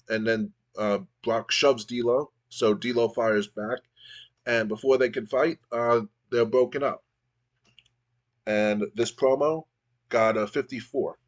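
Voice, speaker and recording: A man narrates his game playthrough in a loose, casual way. He rambles and restarts his sentences often, filling gaps with ums and uhs. His voice sits at an ordinary middle pitch. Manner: rambling, with many fillers and restarts.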